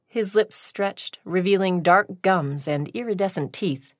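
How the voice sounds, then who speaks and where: A woman narrating a short story in a slow, deliberate reading. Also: mid-range voice, dry recording, studio quality.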